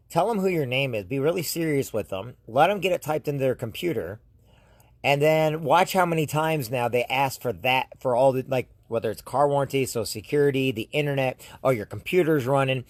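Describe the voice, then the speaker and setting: A man's voice: medium pitch, dry recording. A man from the United States, hosting his own channel, rambling through a casual monologue with frequent restarts and speaking straight to his viewers. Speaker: YouTube host.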